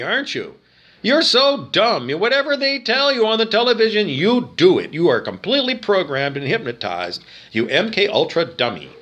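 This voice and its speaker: A man's voice: sits high, a bit bright. A man from Canada ranting to the camera, agitated and profane, repeating himself and firing off rhetorical questions. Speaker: video monologue speaker.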